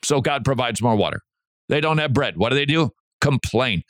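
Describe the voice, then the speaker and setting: A middle-aged man hosting a Christian radio talk show, preaching in an animated way with asides and restarts. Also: medium pitch, moderate pace, dry recording, clean studio sound. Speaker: radio host.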